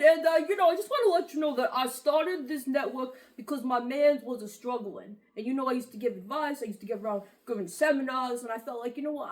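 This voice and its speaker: A woman's voice: high-pitched, a bit bright. A woman playing a cocky macho male self-help host in a comedy talk-show sketch, boastful and rambling.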